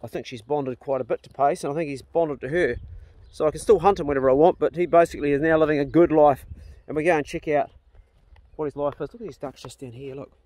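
A man's voice: on the high side, fast, dry recording. A man chatting easygoingly while walking outdoors on rural farmland, filming on a handheld camera. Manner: chatty, easygoing, talks warmly to dogs. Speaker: vlogger, dog owner. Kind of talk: casual walk-and-talk vlog.

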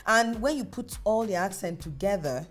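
A woman's voice: mid-range voice, expressive, moderate pace. Nigerian lady hosting a chat show, talks right at the audience, bit of music in the back. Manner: emphatic, preachy, addresses the audience directly. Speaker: talk show host. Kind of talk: casual talk show conversation.

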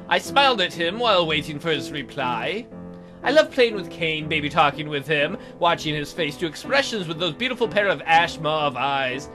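A woman's voice: low voice, lively intonation, moderate pace, music in the background. A woman hosting a game playthrough, reading the story aloud with playful, joking asides. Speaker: let's play host. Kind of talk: reading a visual novel aloud.

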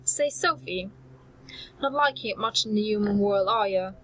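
A woman voicing a gruff but friendly old male dwarf smith who talks in a folksy, homely way. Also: mid-range voice, normal speed, fairly bright tone, a little hiss or hum, close to an everyday voice, poor audio. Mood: hospitable.

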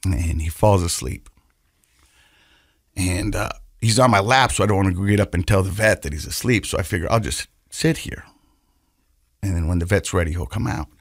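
On a podcast he co-hosts, a man with a low, husky voice tells a personal story at a moderate pace, pausing often. He rambles, repeats words, restarts, and laughs as he goes, then turns earnest and reflective. The studio recording is dry.

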